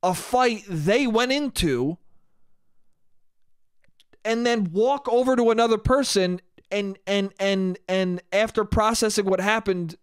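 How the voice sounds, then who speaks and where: A man's voice: high voice, takes it slowly, clean tone, no room sound, clean studio sound. A man hosting a solo podcast, telling a story in a profane, exasperated way. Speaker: podcast host. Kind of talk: casual solo podcast monologue. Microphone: podcast microphone.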